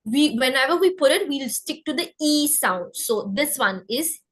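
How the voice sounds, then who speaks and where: A woman teaching French pronunciation, saying example words slowly so learners can repeat after her. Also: high voice, expressive, fairly bright tone, rough recording. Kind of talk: pronunciation lesson.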